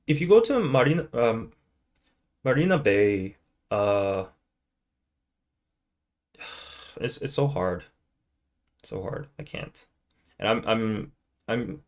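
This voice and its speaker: Man hosting a relaxed live podcast. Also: mid-range voice. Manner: loose and rambling, jumping into playful impressions. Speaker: podcast host. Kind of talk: casual live-stream chat.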